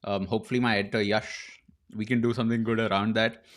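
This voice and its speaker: A man hosting a casual podcast interview, asking questions in a relaxed way with frequent fillers. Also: fairly low pitch, quick pace. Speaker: host.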